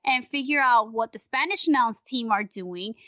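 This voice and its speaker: A woman with a high, bright voice rants animatedly and swears freely in casual podcast chat. Her voice sits high above most women's. The recording is dry and dull, with a lo-fi sound. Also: normal speed, no room sound. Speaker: podcast guest.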